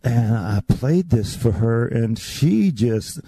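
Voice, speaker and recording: A man's voice: mid-range voice, animated, slow, mellow, husky, no room sound. An older man from North Carolina, a radio guest telling stories about his childhood. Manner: reminiscing, acts out the voices in his stories. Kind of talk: storytelling interview.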